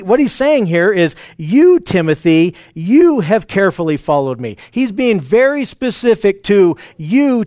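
A man's voice: high-pitched, a little mellow, dry recording, clean studio sound. A man teaching a Bible passage in an earnest, enthusiastic way, often restarting his sentences.

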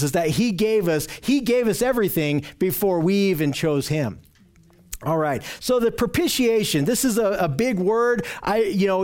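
A man's voice: high voice, darkish tone. A man teaching a Bible study lesson in an earnest way, often restarting his sentences.

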